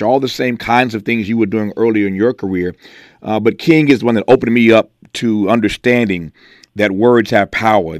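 A man hosting a radio talk show in a studio, earnest and measured, with reflective personal asides. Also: on the low side, dry recording. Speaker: radio host. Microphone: studio mic.

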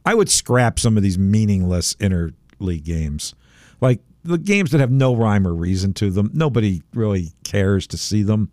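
Lively, emphatic male sports radio host. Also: on the low side, normal speed, no room sound, studio quality. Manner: animated, emphatic, gets fired up.

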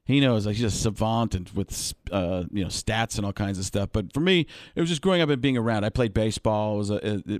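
A man's voice: medium pitch, moderate pace, no echo. A chatty male comedian guest with a mid-range voice, talking sports on a radio show. He rambles casually and drifts in and out of impressions, and the studio mic gives a close, dry sound.

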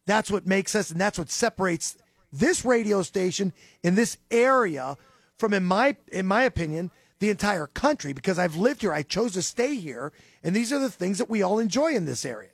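A man co-hosting a radio talk show, his voice high and recorded dry and close. He banters in a teasing way and turns earnest when he praises the station. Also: big pitch swings, normal speed, vocal fry, breathy edge, dry recording.

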